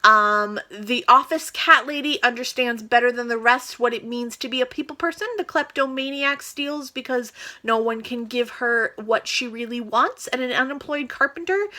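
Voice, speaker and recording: A woman's voice: a little high, moderate pace, bright, forceful tone. A woman chatting casually as a book vlogger, eager and gushing as she shows off new books. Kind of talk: casual book haul chat.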